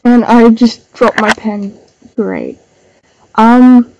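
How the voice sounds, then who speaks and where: A woman's voice: on the high side, fairly even intonation, drawn-out words, gravelly, pauses often, a little mellow, dull audio. A young woman with a stuffy, nasal voice from a cold, chatting casually on a livestream while drawing. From Australia. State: sick, nasal voice. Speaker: livestreaming artist. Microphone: desk microphone.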